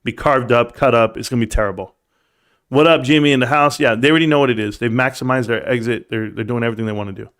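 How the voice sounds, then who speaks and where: A man's voice: medium pitch, fast, a bit bright. A man hosting a livestream, ranting sarcastically and with swearing at viewers in his chat. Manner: addresses chat viewers by name. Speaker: livestream host.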